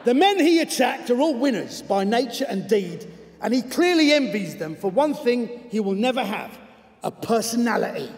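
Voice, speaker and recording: A man's voice: extremely high pitch, very animated, moderate pace, slight background noise, voice pushed up, full character voice. A man voicing a blunt, scathing Cockney football coach as he reads a letter aloud on stage. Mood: scornful. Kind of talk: comic reading of a letter on stage. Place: large theatre hall. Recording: long hall reverb from a stage.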